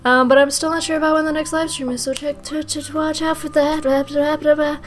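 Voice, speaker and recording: A young woman chats through fan questions in a vlog, joking at her own expense. Her voice sits a bit high and sounds a little rough today. She talks close to the mic with soft music behind her. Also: fairly even intonation, fast talker. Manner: playful, self-mocking, laughs often. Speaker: YouTuber answering fan questions. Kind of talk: casual vlog Q&A.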